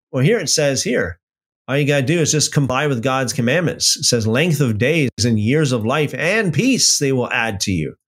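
Man, unhurried Bible study leader, reads verses deliberately and breaks off for casual asides. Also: mid-range voice. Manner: slow, deliberate reading with conversational asides and restarts. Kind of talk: Bible reading with commentary.

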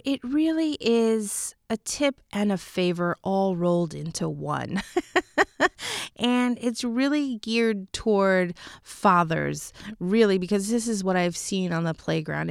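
A woman's voice: mid-range voice, creaky, clear, resonant tone, dry recording, studio quality. A middle-aged woman hosting a parenting podcast, talking earnestly and pleading with listeners, with light laughs between points. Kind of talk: solo podcast talk.

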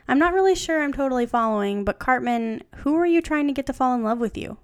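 A woman reading aloud the lines of a puzzled boy from a fan story, in a smooth voice. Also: sits high, animated, quick pace. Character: puzzled boy, friend of the group.

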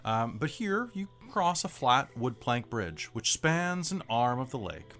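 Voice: medium pitch, sing-song, a little slow, fairly bright tone. An American game master narrating a tabletop game in a loose, rambling way with many fillers and self-corrections. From United States.

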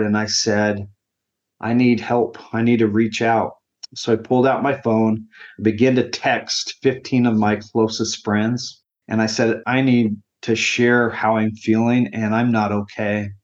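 A grief counselor in his forties, appearing as an interview guest, tells his personal story in an earnest, heartfelt way that sometimes turns emotional. His voice is mid-range and the sound is lo-fi.

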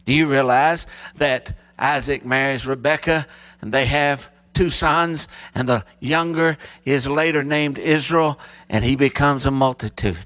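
A middle-aged man preaching a sermon, telling a personal story with emotion and rising to a high voice when stirred. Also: a little slow, fairly bright tone, no echo. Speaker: pastor.

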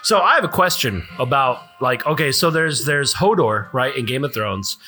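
A man with a bright, forceful voice that swings widely in pitch as he riffs and jokes. He talks casually and swears freely, co-hosting a loose podcast chat. Faint music sits under him. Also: moderate pace. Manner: animated, swearing, tells corny jokes. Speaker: podcast co-host.

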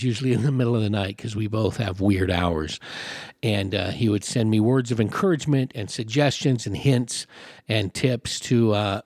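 A man hosting a podcast interview in a comedy club showroom, talking haltingly with many fillers and restarts. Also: lowish voice, darkish tone, dry recording, studio quality. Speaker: podcast host. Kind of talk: casual interview.

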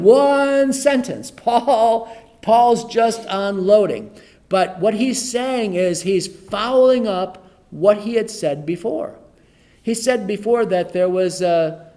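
Leading a casual Bible study, the middle-aged pastor speaks in a high, darkish voice. He reads verses out and unpacks them in a chatty way, frequently repeating himself.

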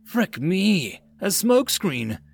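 A man doing a shouting Marine sergeant. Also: fairly high pitch, lively intonation, measured pace, gravelly, pitched above the performer's own voice. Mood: urgent. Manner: shouted orders, loud and urgent. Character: gruff male Marine sergeant in battle.

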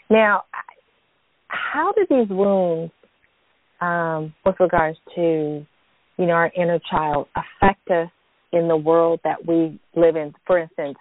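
A woman's voice: low-pitched, no room sound. A woman podcast host asking her guest questions attentively. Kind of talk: podcast interview. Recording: tinny phone-line audio.

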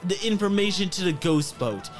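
A man's voice: high-pitched, expressive, music in the background, pitched above the performer's own voice. Captain Davis, a man doing a pompous pirate captain. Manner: pompous, slow and formal. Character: boastful adult male pirate captain.

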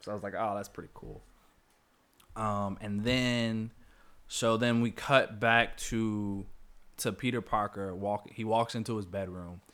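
A man's voice: lowish voice, steady tone, a little slow, fairly bright tone, clean tone. A man hosting a podcast, casually retelling a movie scene by scene with lots of fillers and quoted lines. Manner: rambling, filler-heavy retelling with acted quotes. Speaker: podcast host.

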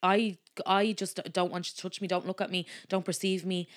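A woman's voice: fairly low pitch, flat delivery, fairly quick. A woman in her twenties co-hosting a podcast, chatty and giggly in casual talk. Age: 20s. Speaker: podcast co-host. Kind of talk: casual chat.

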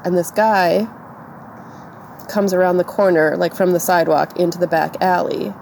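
A woman's voice: lowish voice, fairly even intonation, normal speed, gravelly, darkish tone, slight background noise. A woman podcast co-host telling a personal story in a casual way, with lots of "like". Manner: tearful and shaken, voice breaking. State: crying.

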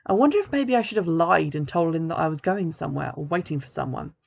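Low gravelly woman reading a novel. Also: expressive, fast talker. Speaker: author reading her own novel. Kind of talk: first-person novel reading. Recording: dull lo-fi recording.

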